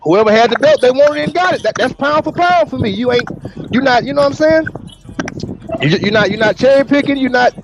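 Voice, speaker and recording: A man from Texas in a casual boxing chat, halting and repeating words as he ranks fighters. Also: very high-pitched, expressive. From Galveston, Texas. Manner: halting, repeats words while ranking boxers. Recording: dull lo-fi call audio with faint noise.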